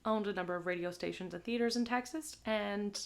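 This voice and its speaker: A woman's voice: mid-range voice, fairly quick, gravelly. A young woman hosting a live movie stream, chatting crudely and tagging her lines with "all right?". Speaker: livestream movie host. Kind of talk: casual chat to a live audience.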